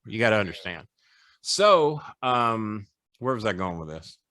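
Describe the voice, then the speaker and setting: A podcast guest in middle age, formerly a wrestling manager, recounts boastful, profane stories in an animated, casual way. He speaks low and at a measured pace, with no room sound in the recording.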